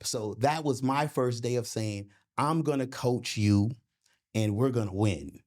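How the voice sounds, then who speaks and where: Speaking a little slowly at a medium pitch, a middle-aged boxing and MMA coach tells animated, profanity-laced stories in a casual interview. He frequently checks in with "you know what I'm saying."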